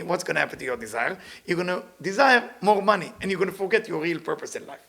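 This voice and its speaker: A Kabbalah teacher gives a spiritual lecture in non-native, grammatically broken English. His voice is on the high side, gravelly and fast with lively intonation, and he acts out the people he quotes, sometimes dropping to a hush.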